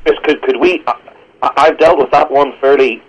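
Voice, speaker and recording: A man, a pastor, answering on a radio show with earnest, halting restarts while quoting scripture. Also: mid-range voice, fairly even intonation, breathy edge, muffled recording. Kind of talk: radio interview, theological answer.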